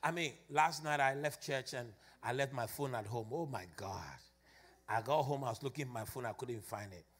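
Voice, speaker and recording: A man's voice: medium pitch, moderate pace. A man preaching a sermon to a congregation in a fervent, sing-song cadence. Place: church gathering.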